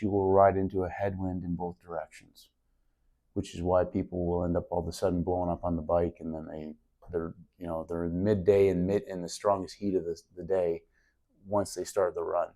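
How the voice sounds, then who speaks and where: A man's voice: low-pitched, a little mellow. A middle-aged man, a podcast guest, telling a story in an earnest, reflective way during a casual interview.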